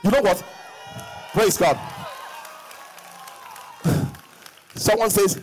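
A middle-aged pastor preaching a sermon, breaking into sung phrases and shouts and acting out quoted voices. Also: male voice, sits high, very animated, slow pace, long pauses, soft background music, some chatter behind.

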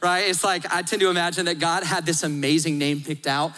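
A man in his thirties preaching a sermon, telling the story with animated acted-out voices and swings from loud to hushed. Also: fairly high pitch, fairly quick, long reverb tail. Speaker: pastor.

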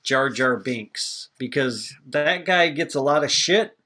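A man's voice: medium pitch, expressive, slow pace, sharp tone, slightly rough. A man co-hosting a podcast, chatting casually and opinionated about a movie, rambling and swearing freely. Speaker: podcast co-host. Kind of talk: casual movie review chat.

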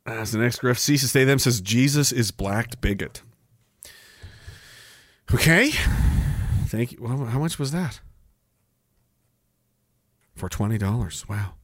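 A man's voice: medium pitch, expressive, slow pace, pauses often, fairly bright tone, no room sound, clean studio sound. A man in his forties hosting a livestream, reading viewer comments aloud with profane, sarcastic banter and frequent laughter.

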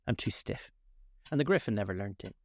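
A weepy, melancholy storybook turtle, voiced by a man, who sighs and sobs his way through every sentence. The voice sits low and slow and is heavy with self-pity. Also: expressive, dry recording. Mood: mournful. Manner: mournful, sighing, slow. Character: melancholy sobbing male Mock Turtle, sighing.

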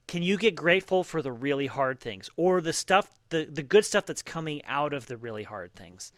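A man with a bright, forceful voice chats on a podcast in an encouraging, reflective way. His speech sits somewhat high and sounds dry and close. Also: no room sound. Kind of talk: casual chat.

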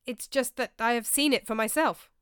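A woman voicing a calm, worldly priest. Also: on the high side, clean tone, no echo, clean studio sound, pitched above the performer's own voice, lightly acted. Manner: calm, measured storytelling.

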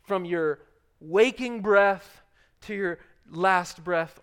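High-voiced man preaching a sermon. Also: takes it slowly, clear, resonant tone. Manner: swings from loud urgent preaching to hushed, soft passages. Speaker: pastor.

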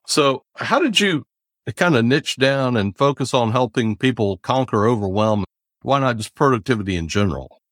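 A man's voice: medium pitch, expressive, moderate pace, a bit bright, dry recording, clean studio sound. A man hosting a podcast interview, easygoing and asking short questions. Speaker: podcast host.

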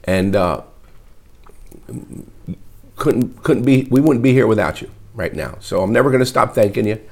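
A middle-aged man, a pastor, preaching an emotional sermon in a halting, repetitive way, close to tears. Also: on the low side, lively intonation, creaky. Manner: emotional, wears heart on sleeve; halting, repeats words often. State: tearful. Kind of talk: livestreamed sermon.

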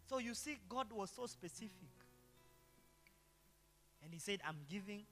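A man's voice: sits high, expressive, normal speed, long pauses, pushed and bright. A male pastor preaching a sermon, throwing rhetorical questions to the congregation. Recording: long hall reverb with faint guitar.

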